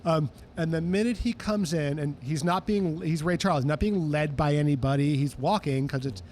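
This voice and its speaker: Male guest, music historian, high voice, animated anecdote-teller. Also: normal speed, a little hiss or hum. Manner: animated, acts out quoted voices. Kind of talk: casual interview storytelling.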